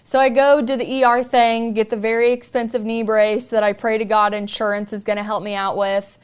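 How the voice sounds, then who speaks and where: A woman's voice: a little high, level tone, fairly quick, clean tone. A woman podcast host telling a personal story in an earnest, confiding way.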